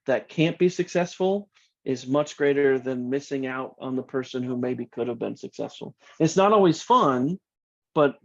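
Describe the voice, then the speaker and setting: A man answering interview questions as a company executive, earnest and measured, often repeating his first words. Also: medium pitch, gravelly. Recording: dull lo-fi audio.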